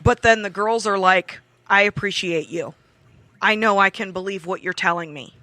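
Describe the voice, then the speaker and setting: A man's voice: high voice, moderate pace, sharp tone, no echo. A man in a casual podcast chat, speaking bluntly and directly.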